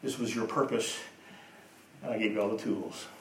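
A man preaching a sermon, telling stories and moving between hushed and emphatic delivery. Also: fairly low pitch, steady tone, normal speed, slight background noise. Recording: echoey room, voice from a distance.

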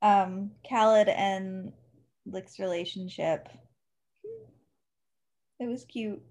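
A woman's voice: medium pitch, drawn-out words, a little mellow. A woman co-hosting a casual book discussion, talking expressively and laughing often. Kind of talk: casual chat.

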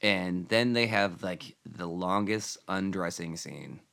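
Slowly and with a creaky, low-pitched voice, a man co-hosting a podcast wanders through the scenes of a TV episode in casual conversation, full of fillers and restarts, occasionally lowering into quiet asides.

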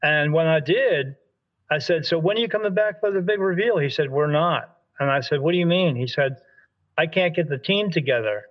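Through a muffled recording, a man from Delaware speaks at a moderate pace in a slightly high voice. A spirit medium, he tells a story conversationally with animation, acting out quoted speech and frequently restarting his sentences.

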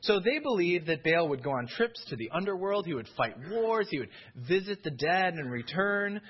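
A man preaching a sermon in a lively, conversational way, often checking in with his listeners. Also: high-pitched, moderate pace, husky, muffled recording. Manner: animated, conversational, keeps asking "right?".

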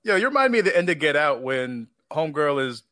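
A man's voice: on the high side, very animated, fast talker, bright, forceful tone, no echo. A man co-hosting a podcast, teasing and joking in casual banter. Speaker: podcast co-host. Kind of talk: casual chat.

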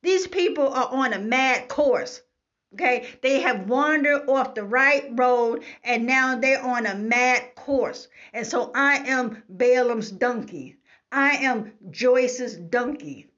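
Woman Bible teacher, unhurried, emphatic, keeps asking "okay?", muffled low-fi sound. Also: fairly bright tone. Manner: emphatic, repeats "okay?" to the listener. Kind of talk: preaching commentary on scripture. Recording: slightly dull lo-fi recording.

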